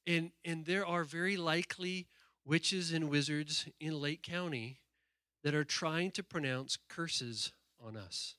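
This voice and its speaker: A man preaching a sermon, an animated, joking storyteller. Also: a little high, measured pace, no echo, clean studio sound. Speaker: pastor.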